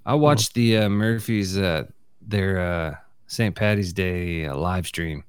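A man's voice: sits low, takes it slowly, smooth, no room sound, clean studio sound. A man in casual chat, talking bluntly and swearing a lot. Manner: profane, blunt, emphatic.

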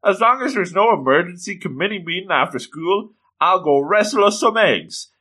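A man's voice: sits high, lively intonation, moderate pace, pushed and bright, voice pushed up, full character voice. A man putting on a blunt teasing schoolgirl. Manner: matter-of-fact, teasing.

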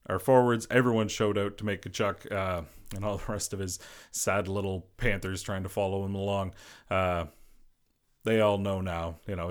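A man with a fairly low voice hosts a solo sports podcast in a casual, unscripted way. He is a former goalie who rambles through his thoughts and keeps reaching for "you know" and "like" as fillers. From Boston area. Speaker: podcast host.

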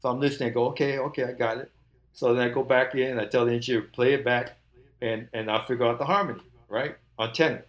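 An older man, a musician guest, telling an animated story, laughing often and acting out the quotes. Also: mid-range voice, fast.

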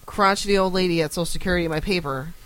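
Animated young woman telling stories. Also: fairly low pitch, rapid-fire, no room sound, low-quality recording. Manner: animated storyteller, acts out quotes. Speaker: podcast guest. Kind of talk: casual chat.

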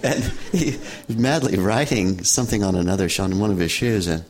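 Older man, very low voice, calm and unhurried storyteller, gently amused; suits a reflective interview. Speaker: meditation teacher.

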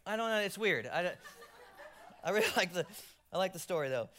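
A male pastor preaching a sermon, swinging from loud emphasis to hushed near-whispers, with jokey self-deprecating asides. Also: high voice, animated, fairly quick, a little hiss or hum.

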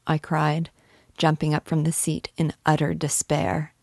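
A woman reads a classic novel aloud in a low, gravelly voice. She takes her time, placing each phrase slowly and evenly. The sound is close and dry. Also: little pitch movement, a little mellow, no room sound. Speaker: reader. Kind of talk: literary reading.

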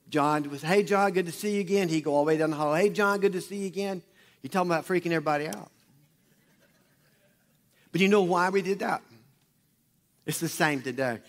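A man, a pastor preaching a sermon to his congregation, telling a story with lively quoted voices and emphatic repetition. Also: a little high. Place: church auditorium before a congregation.

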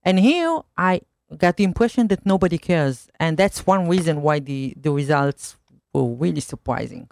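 A woman's voice: lowish voice, lively intonation, moderate pace, vocal fry, darkish tone. A woman from Israel with an Israeli accent, a journalist being interviewed in a radio studio, often restarting and repeating words as she finds her thought. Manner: hesitant, repeats words when starting a thought. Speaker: guest journalist.

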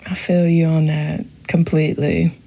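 A woman's voice: sits low, flat delivery, measured pace, vocal fry, warm tone, slightly rough, rough recording. A woman hosting a podcast in a casual, supportive and affirming way, using slang. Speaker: podcast host. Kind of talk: casual chat.

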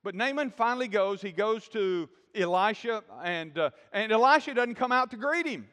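A man's voice: sits high, animated, normal speed, fairly bright tone. A man preaching a sermon and asking the congregation questions as he talks. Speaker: pastor. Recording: long hall reverb.

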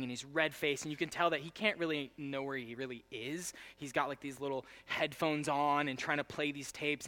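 A young adult man preaching a sermon, moving between quiet storytelling and loud, emphatic preaching. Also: mid-range voice. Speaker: pastor.

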